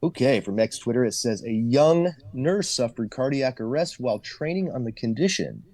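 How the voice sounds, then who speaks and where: A man's voice: mid-range voice, expressive, moderate pace, a little mellow, no echo. A man co-hosting a live stream, reading headlines aloud and giving short reactions. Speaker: livestream co-host. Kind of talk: casual livestream chat.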